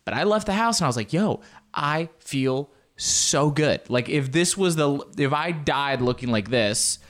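A young man, a comedian hosting his own show, chatting casually in a rambling, self-mocking, animated way. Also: medium pitch, brisk. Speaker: comedian podcast host. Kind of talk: casual solo chat.

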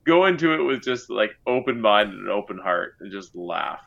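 A man in casual podcast chat, animated and profane, eager to act out what he describes. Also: on the low side, normal speed, gravelly. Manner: animated, profane, acts out scenes. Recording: dull lo-fi recording.

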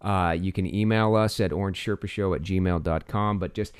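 A man's voice: low-pitched, fairly even intonation, moderate pace, clear, resonant tone. A man co-hosting a casual podcast, joking and retelling a viral clip with animation. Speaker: podcast co-host.

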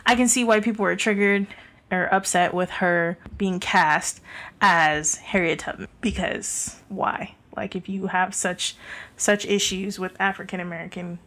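A woman's voice: mid-range voice, steady tone, a little slow, a bit bright. Opinionated young woman chatting casually. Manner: candid, opinionated, many fillers and restarts. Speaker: podcast co-host. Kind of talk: casual chat. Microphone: handheld mic.

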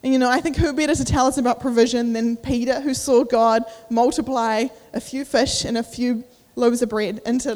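In an echoey church hall, a young woman preaches to the youth in a somewhat high, slightly mellow voice. Her sermon is casual and talkative, packed with fillers and acted-out inner voices, and she sounds slightly winded.

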